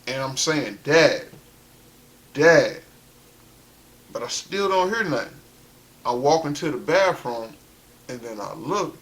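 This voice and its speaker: A man's voice: mid-range voice, fairly bright tone. A man from South Carolina, telling his life story in a loose, conversational way with lots of "you know" and "like". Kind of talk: casual spoken storytelling.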